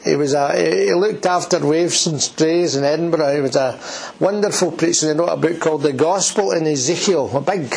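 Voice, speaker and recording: A man's voice: a little high, normal speed, gravelly, darkish tone, husky, poor audio. A man preaching a sermon in church, earnest and emphatic, who repeats key words and asks his listeners questions.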